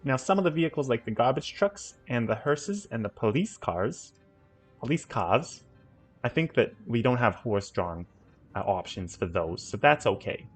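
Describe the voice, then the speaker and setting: A man's voice: mid-range voice, lively intonation, normal speed, soft background music. A man giving casual let's-play commentary on a city-building game, rambling and correcting himself with playful asides. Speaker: gaming channel host.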